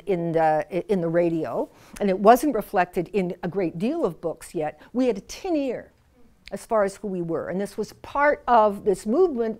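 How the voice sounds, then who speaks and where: Canadian woman in her sixties, playwright on stage, wry storytelling, self-mocking asides, fairly high voice. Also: darkish tone. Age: 60s. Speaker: playwright and actor giving a talk. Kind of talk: live talk to an audience, storytelling. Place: theatre festival venue with an audience.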